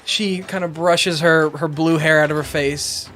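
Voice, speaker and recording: A man's voice: a little high, fairly even intonation, a little slow, sharp tone. A man running a tabletop game as game master, narrating casually with lots of ums and restarts. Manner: casual, rambling, many fillers.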